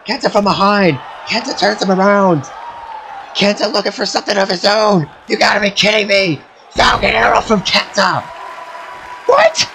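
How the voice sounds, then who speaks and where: A man doing excitable play-by-play commentary over a wrestling video game, often shouting at big moves. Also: high-pitched, vocal fry, slight background noise, rough recording. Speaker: amateur commentator.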